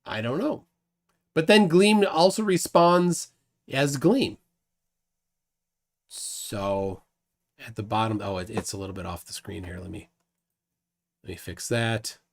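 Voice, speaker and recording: Halting, slow-talking male streamer. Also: fairly low pitch, vocal fry. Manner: halting, stammering repeats, chuckles between thoughts. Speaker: livestream host. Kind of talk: casual live chat reading viewer comments.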